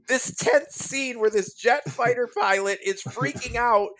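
A man hosting a casual podcast chat, animated and laughing often as he tells stories. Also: very high-pitched, unhurried. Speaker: podcast host.

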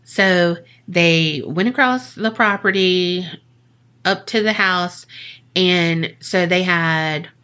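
A woman hosting a podcast, telling a ghost story in a loose, chatty way. She jokes and swears through her asides. Her voice is bright and forward, and she takes her time. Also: on the low side, clear, resonant tone. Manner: profane, jokey retelling with quick asides. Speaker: podcast co-host. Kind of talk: casual storytelling chat.

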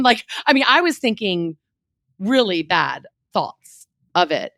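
Speaking slowly in a mid-range voice, a woman in her thirties who leads a real estate team opens up in an interview about something personal. She's emotional and lively, peppering her speech with "like." The studio-quality audio carries no room sound.

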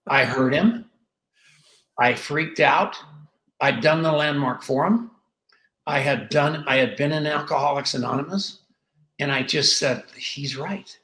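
A middle-aged man as a guest in an interview, telling his story with animated energy and acting out the dialogue. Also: on the high side. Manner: animated, acts out dialogue with quick voice shifts. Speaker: podcast guest. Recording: roomy echo.

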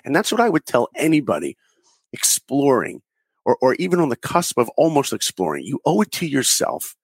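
A man in his forties tells stories earnestly in a podcast interview and acts out the people he quotes. His voice is husky, and the room sounds dry and close. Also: mid-range voice, wildly swooping pitch, normal speed, no room sound. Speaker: guest animator and director.

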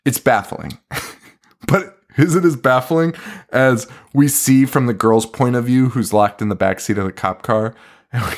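A man co-hosting a podcast, recapping a horror film in casual chat, swearing and laughing often. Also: mid-range voice. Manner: profane, laughing, animated retelling. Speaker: podcast co-host. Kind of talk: casual movie review chat.

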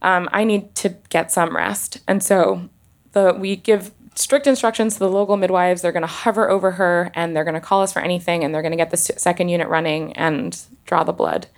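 A woman doctor telling a personal story on stage, halting and emotional, with many restarts and pauses. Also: fairly low pitch, steady tone.

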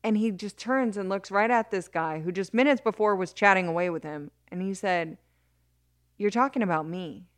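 A woman as an interview guest, telling a story in an animated way with many restarts and bursts of laughter. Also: mid-range voice, a little fast, hardly any pauses, no echo. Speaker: interview guest, criminal justice advocate.

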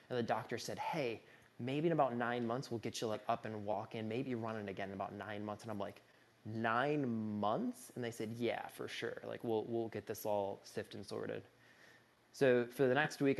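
A young man telling a personal story in an earnest, conversational way, full of casual fillers and speaking of his own grief with feeling. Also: medium pitch.

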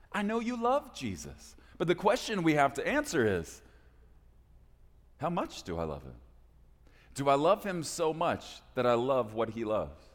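A man preaching a sermon as pastor, swinging between loud, pleading peaks and hushed, intense passages. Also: fairly high pitch, big-room sound.

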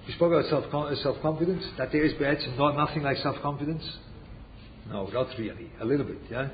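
A man giving an informal religious lesson, full of rhetorical questions and Hebrew and Yiddish terms, who keeps checking in with his listeners. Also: a little high. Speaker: Torah teacher. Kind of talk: informal lecture on a religious text. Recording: dull lo-fi recording with faint noise.

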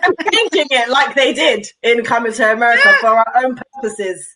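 A playful woman chatting on a relaxed talk show and jumping in to correct her co-hosts. Her voice sits a little higher than average. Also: a loud crowd. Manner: playful, quick to correct others. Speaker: podcast co-host. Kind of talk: casual chat.

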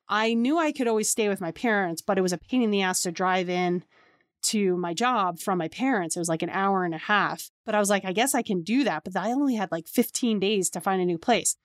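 A woman's voice: mid-range voice, no room sound, studio quality. A woman in her thirties, a podcast host, casually telling personal stories and acting out the dialogue with lots of "like". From New York area. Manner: chatty, acts out quoted dialogue with lots of "like". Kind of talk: casual storytelling.

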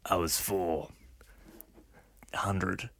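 A man putting on a cocky adult male criminal, mumbling low and quiet. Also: fairly even intonation, very slow, creaky, no echo, clean studio sound, full character voice.

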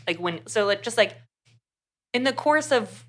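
A young woman co-hosting a podcast, casually retelling a book's plot in an animated way, full of "like". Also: on the high side, a little slow. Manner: chatty, animated retelling with lots of "like". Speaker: podcast co-host. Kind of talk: casual book review chat.

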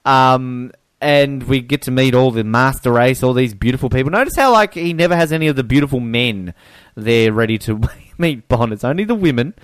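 A man's voice: mid-range voice, brisk, clean tone, no room sound. A man co-hosting a casual podcast about a film, laughing often and slipping into silly voices. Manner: animated, laughing, jumps into silly put-on voices. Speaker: podcast co-host.

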